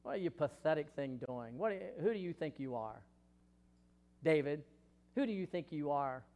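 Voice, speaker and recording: A preacher putting on a sneering scornful foe. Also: male voice, fairly high pitch, animated, moderate pace, a little mellow, lightly acted. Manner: sneering, belittling taunts. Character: mocking enemy of God's builders, scornful man.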